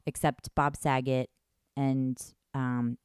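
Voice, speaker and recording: A woman's voice: rumbling low, flat delivery, takes it slowly, darkish tone, clear, resonant tone, no room sound, studio quality. A woman co-hosting a comedy podcast in blunt, crude casual chat. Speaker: podcast co-host.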